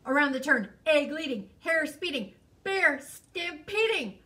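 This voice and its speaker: A woman reading her picture book aloud in an expressive, sing-song, teacherly way, with fun facts in between. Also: sits high, a little slow, distant mic.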